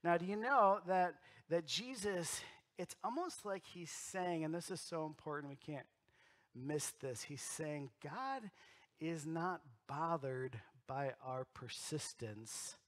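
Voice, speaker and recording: A middle-aged man, a pastor, preaching a sermon in a church and telling stories, moving between loud emphasis and quiet, close moments. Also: a little high, slow pace. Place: church sanctuary.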